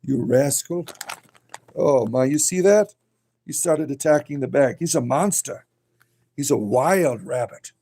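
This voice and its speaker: A man's voice: medium pitch, lively intonation, unhurried, pauses often, mellow, no room sound. A man hosting a casual live stream, chatting playfully and coaxing his pet rabbits in a sing-song voice. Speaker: livestream host. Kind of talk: casual live chat with pets.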